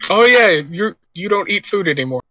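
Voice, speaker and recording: A man playing a tabletop game, chatting casually with a giggly, halting way of talking. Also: high voice, animated, bright, forceful tone, dull audio. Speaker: player.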